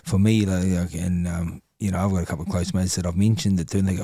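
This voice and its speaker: A man with a New Zealand accent and a very low voice talks in a reflective, halting way, full of fillers. He is middle-aged and sounds like a podcast guest. The sound is close and dry. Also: steady tone, dark tone, no echo. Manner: reflective and candid, trailing off with many fillers. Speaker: guest, former boxer. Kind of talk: casual podcast conversation.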